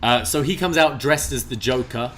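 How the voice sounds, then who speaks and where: A man's voice: medium pitch, normal speed, a crowd in the background. A man from Britain whose accent has drifted toward Canadian, co-hosting a casual podcast and recapping the events in a dry, understated way. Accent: mixed British and Canadian. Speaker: co-host.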